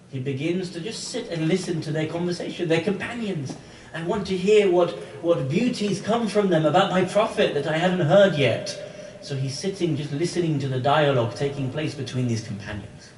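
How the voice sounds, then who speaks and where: A man lecturing to a gathering, building his story with rhetorical questions and pauses. His voice sits a little high. The room is echoey and he sounds set back from the mic, with faint ambience behind. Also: darkish tone, recorded from a distance, a little hiss or hum. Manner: rhetorical questions, dramatic pauses, acted quotes. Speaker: religious lecturer. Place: lecture hall.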